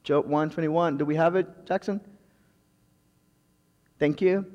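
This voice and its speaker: A man's voice: on the high side, fairly even intonation, measured pace, a little mellow, in a large hall, muffled recording. A man preaching a sermon in English that is not his first language, fervently repeating thanks and calling out for amens. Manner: fervent, repetitive thanks, calls of amen.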